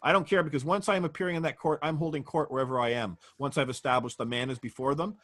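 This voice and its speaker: Fast, emphatic man. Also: on the high side, fairly even intonation, a bit bright. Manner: emphatic, storytelling, rhetorical questions. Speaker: interview guest. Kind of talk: conversational interview.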